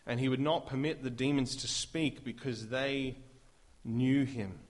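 A man preaching a sermon, emphatic and full of rhetorical questions, rising to loud declarations. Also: mid-range voice, steady tone, unhurried.

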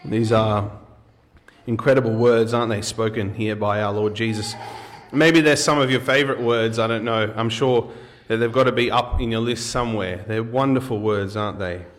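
A man's voice: lowish voice, steady tone, moderate pace. A man preaching a sermon, reading scripture aloud and then explaining it in an earnest, emphatic way with occasional fillers and restarts.

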